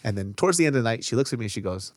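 Animated man telling stories. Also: mid-range voice, very fast, dry recording, studio quality. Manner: animated storyteller, swears freely, acts out quotes. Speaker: podcast co-host. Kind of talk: casual chat.

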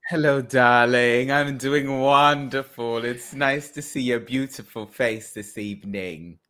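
A man's voice: mid-range voice, fairly even intonation, a little slow, pushed and bright, clean tone. A man co-hosting a live podcast, playful and affectionate in his banter. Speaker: podcast co-host.

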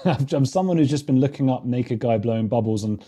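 A man in his thirties from England with an English accent, a journalist guest chatting casually, laughing and self-deprecating in a halting way. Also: mid-range voice, lively intonation, warm tone, slightly rough. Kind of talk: casual interview chat.

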